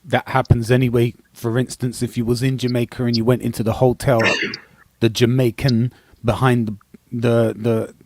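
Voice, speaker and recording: A man's voice: mid-range voice, flat delivery, moderate pace, noisy background. A man from England, chatting casually on a podcast panel and making his points through examples. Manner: conversational, storytelling with examples. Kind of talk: casual live podcast chat.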